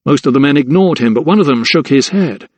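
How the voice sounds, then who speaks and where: A man narrating a historical mystery audiobook in a measured, suspenseful reading. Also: mid-range voice, animated, a little mellow, no echo. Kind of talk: scripted narration.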